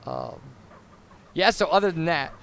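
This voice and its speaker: A man's voice: fairly high pitch, expressive, a little slow, creaky, fairly bright tone, slight background noise. A young man rambling casually as a let's play commentator, babbling through tangents with lots of fillers. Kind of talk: casual post-commentary chat over gameplay.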